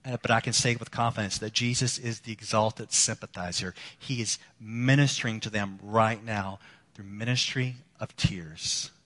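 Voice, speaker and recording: A man preaching a sermon as a pastor, earnest, moving between emphatic lines and hushed ones. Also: fairly low pitch, steady tone, normal speed. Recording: long hall reverb.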